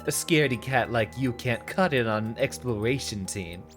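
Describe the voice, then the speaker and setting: A man voicing a sneering small-time male crook with a put-on Brooklyn accent, gruff and mocking. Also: medium pitch, animated, normal speed, a bit bright, faint music behind, close to an everyday voice. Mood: condescending.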